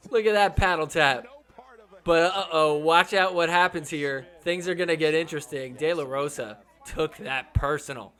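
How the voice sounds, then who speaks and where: High-voiced man hyping up match clips. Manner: excitable, joking, swears freely. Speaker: podcast host. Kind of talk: recap commentary over match clips.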